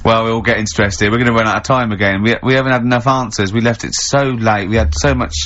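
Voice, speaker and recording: A man hosting a radio show, brisk and jokey, pushing the talk along and cueing records. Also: lowish voice, fairly even intonation, a bit bright. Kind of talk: casual radio banter. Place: radio studio. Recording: dull lo-fi radio recording with faint hiss.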